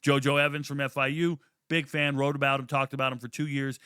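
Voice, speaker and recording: A man giving casual sports betting predictions in a brash, profane, boastful way, swinging from low mutters to loud, high-pitched outbursts. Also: little pitch movement, fast talker, clean tone, no echo, studio quality. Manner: brash, profane, hyped-up trash talk.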